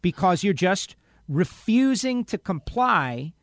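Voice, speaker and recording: Speaking slowly in a high, sing-song voice, a man rambles emphatically on talk radio, emotional after hearing bad news. He voices other people's lines as he vents his impassioned opinion. The sound is dry and clean, studio quality.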